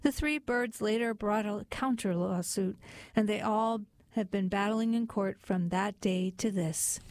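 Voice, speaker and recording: A woman narrating a satirical storybook in a dry, deadpan reading. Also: mid-range voice, unhurried.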